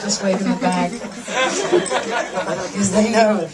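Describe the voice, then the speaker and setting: A woman's voice: medium pitch, steady tone, slow, heavy background noise. A woman doing a stand-up comedy set, rambling and self-mocking, acting out market chats in voices. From English-speaking foreigner living in Germany. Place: comedy venue, large room. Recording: live set from far off, loud crowd.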